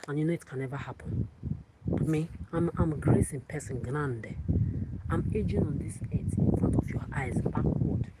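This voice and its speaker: A woman's voice: deep voice, moderate pace. A woman, hosting a livestream in a defiant, profane, repetitive rant. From Africa. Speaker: livestream host. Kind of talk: angry livestream monologue. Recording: loud background noise.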